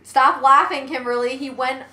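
A woman co-hosting a podcast, chatting casually and telling animated, insistent stories. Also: high-pitched, moderate pace, reverberant, a little hiss or hum. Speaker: podcast co-host. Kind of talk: casual chat.

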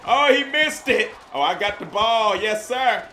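A man giving excitable, slangy commentary while playing a basketball video game, talking to the players on screen. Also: sits high, measured pace, slight background noise. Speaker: gaming YouTuber. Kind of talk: casual gameplay commentary. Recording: roomy echo with game music behind.

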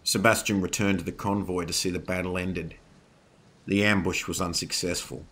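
A man with a very deep voice narrates a scripted horror tale. His tone is bright and forceful despite the low pitch. He tells the story in a steady, dramatic way. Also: normal speed, a little hiss or hum.

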